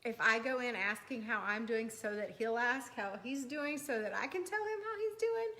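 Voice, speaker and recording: A woman's voice: on the high side, expressive, moderate pace, bright, forceful tone. A woman co-teaching a talk on marriage, earnest and personal, telling stories about her own home life. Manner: earnest, storytelling, laughs often. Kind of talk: sermon-style couple talk.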